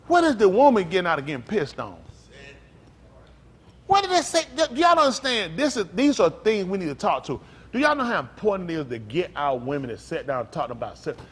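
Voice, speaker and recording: Male pastor, high and very animated delivery, preacherly. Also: brisk, breathy edge. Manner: emphatic, preacherly, rising to loud outbursts.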